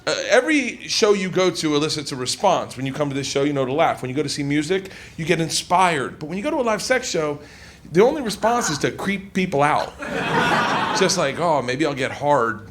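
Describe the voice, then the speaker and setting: A man doing a stand-up comedy set on stage, loud and excitable, swearing freely and laughing through his lines. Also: on the high side, a little fast, heavy background noise. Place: comedy stage before an audience.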